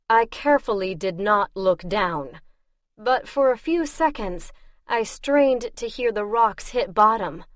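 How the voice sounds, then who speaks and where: A woman narrating a fantasy audiobook in first person, in a measured, wry way. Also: medium pitch, no echo, studio quality.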